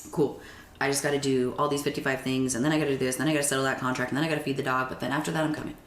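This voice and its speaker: Podcast guest, woman, very deep voice, animated storyteller; echoey room with faint noise. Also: racing. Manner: animated, acts out quoted dialogue. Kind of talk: personal storytelling in conversation. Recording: roomy echo with faint background noise.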